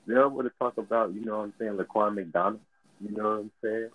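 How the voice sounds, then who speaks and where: A man co-hosting a casual podcast chat, an animated and slangy storyteller who laughs often. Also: on the low side, fast talker. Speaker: podcast co-host. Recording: tinny phone-like line, dry.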